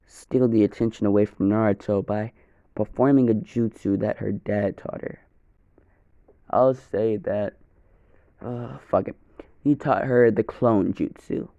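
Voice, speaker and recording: A man's voice: lowish voice, warm tone, dry recording, lo-fi sound. A young man narrating an improvised first-person fan story, rambling, correcting himself and swearing casually.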